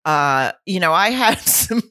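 A woman co-hosting a podcast in relaxed casual chat, wry and quick to laugh. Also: on the low side, dry recording, clean studio sound. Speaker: podcast co-host. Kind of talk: casual chat about reality TV.

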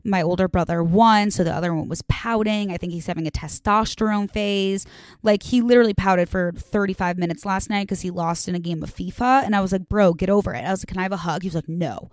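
A woman's voice: medium pitch, steady tone, fast, no echo, studio quality. A young woman hosting a podcast, talking from her condo in a casual, dramatic confessional monologue full of "like" and casual swearing. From Chicago area, USA. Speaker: podcast host. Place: home, a condo.

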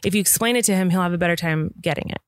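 A woman's voice: lowish voice, very fast, no room sound, clean studio sound. A young woman in a casual chat about raising her son, earnest and rambling, often acting out what she and the child say. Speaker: parent in a podcast chat.

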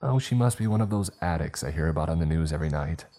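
A man voicing a nosy, sharp-tongued elderly woman neighbor who scolds and judges. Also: a bass voice, animated, fast talker. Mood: scolding. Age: older.

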